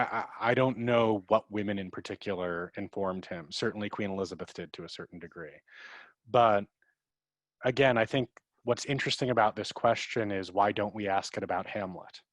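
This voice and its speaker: Low-voiced man explaining verse rhythm. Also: moderate pace, no echo. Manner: thoughtful, chatty, repeats words, taps out verse rhythm aloud. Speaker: dramaturg. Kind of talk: answering audience questions in an online talk.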